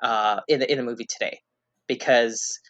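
A man guesting on a casual film podcast, speaking in a measured way with frequent "uh" and "you know". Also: medium pitch, fairly even intonation, a bit bright. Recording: dull, slightly lo-fi audio.

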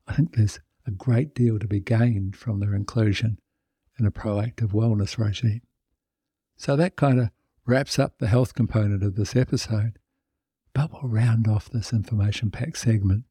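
A man's voice: fairly low pitch, mellow, husky, dry recording. A male podcast host in a chatty monologue, joking and self-mocking as he speaks into a close studio mic. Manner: chatty, self-mocking, fond of puns and jokes.

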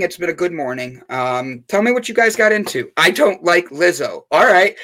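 A man's voice: on the high side, bright, forceful tone. A man hosting a live stream, chatting casually and playfully with viewers and reacting to their comments. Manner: upbeat, playful, jokey with chat. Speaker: livestream host.

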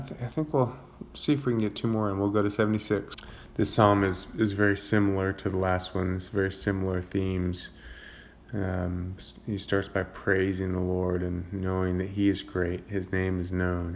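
A man with a low voice gives an informal Bible teaching. His voice has a gravelly, creaky edge. He reads scripture and then talks it through in a loose, thinking-aloud manner. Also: moderate pace, a little hiss or hum. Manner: reads psalm passages aloud, then comments in a relaxed, searching way with fillers. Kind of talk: informal Bible study talk.

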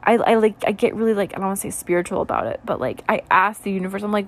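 In a late-night reflective vlog, a vlogger in her twenties, tired and yawning, talks in a soft, low voice at a racing pace. Her candid rambling is peppered with "like" and "you know."

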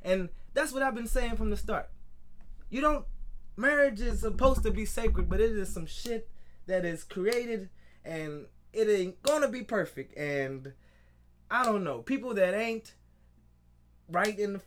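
Young male solo podcaster, fed-up profane rant, lots of restarts, voice sits on the high side. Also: expressive, a little slow, pauses often. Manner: profane, frustrated ranting with frequent restarts. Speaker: podcast host.

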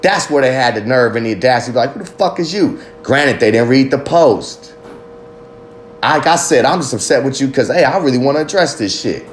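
A man's voice: medium pitch, a little fast, slight background noise. A man hosting a podcast, delivering a heated, profane, preachy monologue and firing pointed questions at his listeners. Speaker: podcast host.

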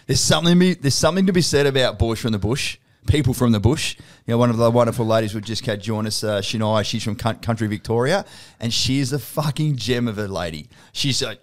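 A middle-aged Australian podcast host conducts an interview in a medium-pitched voice, talking fast. He's chatty, laughs often and swears freely.

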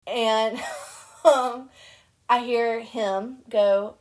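A young woman co-hosting a casual chat podcast, an animated storyteller who laughs often. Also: a little high, unhurried, pauses often. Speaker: podcast co-host.

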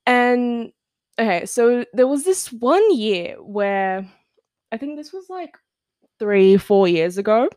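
A woman's voice: fairly high pitch, very animated, slow pace, a little mellow, smooth, dry recording, studio quality. A teenage girl from Australia hosting her own podcast, chatting casually, giggling often and filling her talk with "like". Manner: giggly, chatty, lots of "like" fillers. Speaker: podcast host. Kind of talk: casual solo podcast chat.

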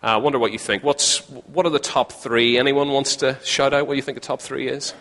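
A Northern Irish man preaches to a live crowd in a chatty, joking way, repeating his key phrases for emphasis. His voice sits at an everyday middle pitch. The sound rings with the long reverb of a large hall. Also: fairly even intonation, fairly quick, a bit bright. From Northern Ireland. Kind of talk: sermon.

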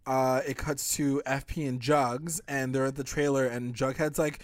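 A young man co-hosting a casual chat, retelling a TV episode quickly with lots of fillers and acted-out quotes. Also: mid-range voice, little pitch movement, dry recording, studio quality. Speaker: podcast co-host recapping a TV episode.

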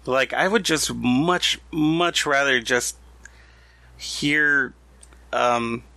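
A man co-hosting a podcast in casual chat, telling stories in an animated, joking way. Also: medium pitch, drawn-out words, no echo. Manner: animated storyteller, jokey. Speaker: podcast co-host.

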